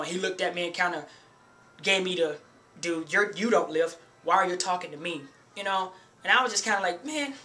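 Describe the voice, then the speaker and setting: In a sharp, high-pitched voice, a fitness vlogger tells a casual gym story straight to camera. He rambles in a loose, chatty way full of "man" and "you know," reminding beginners to always have a spotter.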